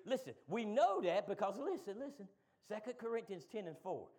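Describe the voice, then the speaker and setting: A man preaching a sermon, moving from quick low asides to loud, shouted call-and-response. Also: big pitch swings.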